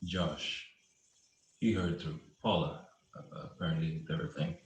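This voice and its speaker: A man's voice: extremely low pitch, fairly even intonation, measured pace. A man playing a remorseful young police officer who stammers through apologies, read over a video call. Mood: tender. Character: young male cop, remorseful and persistent. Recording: echoey room.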